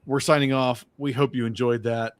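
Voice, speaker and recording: A man's voice: mid-range voice, level tone, moderate pace, smooth, no room sound, studio quality. A man hosting a podcast, laid-back and casual, laughing easily and swearing freely. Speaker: podcast host.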